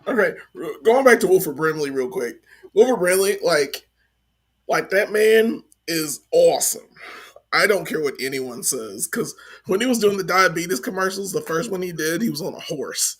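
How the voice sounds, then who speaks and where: Slangy man in his forties, fairly high voice. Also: animated, moderate pace, fairly bright tone, slightly rough. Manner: slangy, enthusiastic, trailing off. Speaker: podcast co-host. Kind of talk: casual movie review chat.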